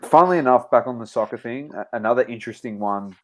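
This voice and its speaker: A man's voice: medium pitch, fast talker. A man co-hosting a podcast, chatting casually, laughing and teasing his co-hosts and calling them mate. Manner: laughing, teasing banter, calls people mate. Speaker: podcast co-host. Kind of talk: casual chat.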